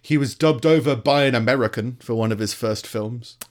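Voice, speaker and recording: A man's voice: medium pitch, fairly quick. A British man co-hosting a podcast in casual chat, rambling, searching for words and laughing often. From Britain. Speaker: podcast co-host.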